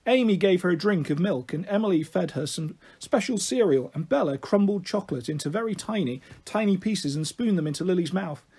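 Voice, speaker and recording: A man reading a children's novel aloud in an expressive, animated way. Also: high voice, a little fast, hardly any pauses, husky. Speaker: storyteller.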